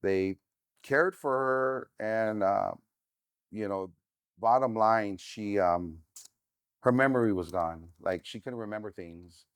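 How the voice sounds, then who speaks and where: A man's voice: fairly low pitch, slow, clean tone, dry recording, studio quality. Frank middle-aged man telling a story. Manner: unfiltered and frank, with many fillers. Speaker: podcast guest. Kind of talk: candid personal storytelling.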